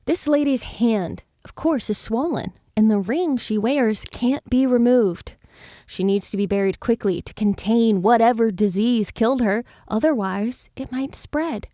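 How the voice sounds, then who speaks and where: A woman co-hosting a podcast, telling a macabre folk tale in a playful, giggly way. Her voice sits fairly high, and the sound is dry and close. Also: measured pace, dark tone, dry recording. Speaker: podcast co-host. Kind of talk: storytelling history podcast banter.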